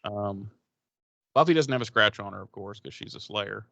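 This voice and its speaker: A man's voice: on the low side, moderate pace, gravelly, bright, forceful tone, muffled recording. A man casually recapping a TV episode on a podcast, rambling, swearing and acting out the characters' lines. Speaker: podcast co-host.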